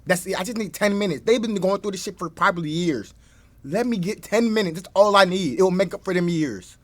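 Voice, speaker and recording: A young man streaming his reactions to a documentary, excitable and profane, stumbling over restarts. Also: high voice, fairly quick, no echo. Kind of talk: live reaction commentary.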